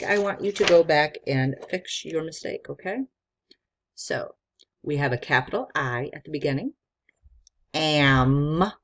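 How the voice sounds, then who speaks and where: A woman's voice: low voice, a little hiss or hum. A woman teacher giving a patient, encouraging spelling lesson to young children and sounding out letters.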